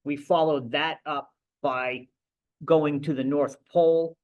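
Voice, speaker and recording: A man's voice: a little high, fairly even intonation, slow, narrow, tinny audio. A middle-aged man, a ship captain, giving a conversational, anecdotal talk at a library event. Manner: conversational storytelling with restarts. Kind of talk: anecdotal lecture.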